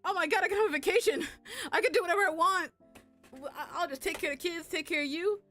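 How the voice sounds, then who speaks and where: A woman's voice: very high-pitched, quick pace, soft background music, pitched above the performer's own voice. A woman voicing a carefree man who is overjoyed at becoming a father. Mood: giddy. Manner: excited, gushing.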